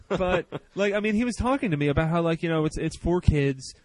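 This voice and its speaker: A man's voice: high voice, lively intonation, moderate pace, darkish tone, no echo, rough recording. A man co-hosting a podcast, chatting loosely with lots of fillers and restarts. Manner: rambling, many restarts and fillers. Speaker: podcast co-host. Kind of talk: casual podcast chat.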